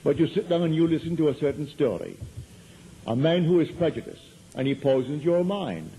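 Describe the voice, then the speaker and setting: Lively in intonation and a little fast, this man's fairly high, mellow voice carries a spiritual talk before a live audience. He tells stories in a conversational manner and repeats himself for emphasis, with slight background noise and poor audio quality.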